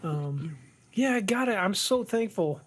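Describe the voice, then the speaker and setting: A man's voice: high voice, expressive, measured pace. A man with a New York accent co-hosting a podcast in casual chat, playful and riffing on wordplay. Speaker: podcast co-host.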